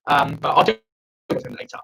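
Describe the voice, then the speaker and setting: A man's voice: fast talker, bright, forceful tone, poor audio. A young man from South Africa doing profane, rambling stand-up from a friend's house over a video call. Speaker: stand-up comedian. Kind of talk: online open-mic stand-up.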